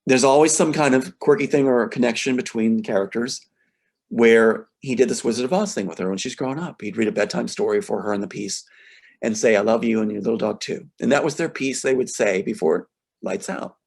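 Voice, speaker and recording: A man's voice: medium pitch, fairly quick, darkish tone, slightly rough. A man in an interview, talking about his screenplay with passion, sometimes reading scenes aloud and getting emotional. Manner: passionate and emotional, voice rising sharply when indignant. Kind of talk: conversational interview, reading from a script.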